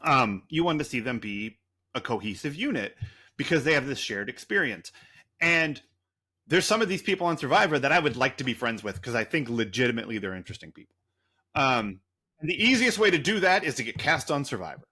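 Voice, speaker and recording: A man's voice: medium pitch, expressive, fairly quick, bright, forceful tone, husky. A man co-hosting a podcast, rambling through a story in a loose, profane, casual way. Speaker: podcast co-host.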